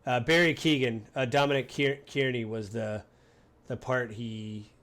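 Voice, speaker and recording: A man from the United States hosting a casual podcast chat, rambling and acting out quotes in animated voices. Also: medium pitch, measured pace. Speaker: podcast host.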